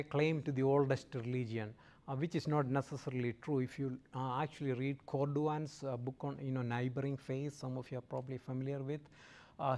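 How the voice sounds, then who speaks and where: A man's voice: medium pitch, a little mellow. A man lecturing a student group in a conversational way, often checking in with "okay?" and joking lightly with the audience. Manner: checks in with listeners, frequent "okay?". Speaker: guest lecturer.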